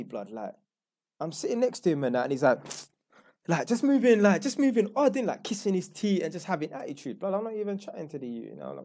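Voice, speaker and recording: A man's voice: fairly high pitch, darkish tone. A young man with a London accent telling a rambling, slangy story in a blunt, casual way. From London, England. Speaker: YouTuber.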